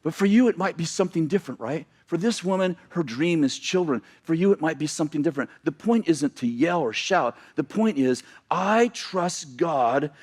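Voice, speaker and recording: A male pastor preaching a sermon in a church, animated and excitable, often breaking into loud shouting and laughing at himself. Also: fairly high pitch, normal speed, few pauses. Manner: animated, reads scripture then paraphrases loudly.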